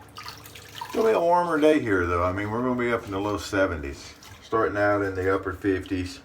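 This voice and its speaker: Folksy low-voiced man, distant mic. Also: lively intonation, a little fast. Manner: folksy, talks about himself in third person. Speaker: shaving channel host. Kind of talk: casual chat to camera. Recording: distant mic with faint room noise.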